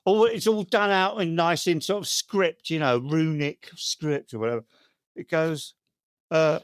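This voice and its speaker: A man's voice: on the high side, unhurried, no echo, studio quality. A man with an English accent co-hosting a comedy podcast, grumbling and mocking with plenty of swearing. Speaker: podcast co-host. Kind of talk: casual comedic chat.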